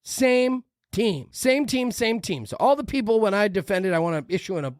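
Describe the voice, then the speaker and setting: A woman hosts a podcast and reacts to a clip in a heated, cursing rant. Her pitch swings widely as she talks. The sound is dry and close, with no room echo. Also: animated, normal speed, darkish tone. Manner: heated, ranting, profane. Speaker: podcast host. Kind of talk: reacting to a video, podcast chat.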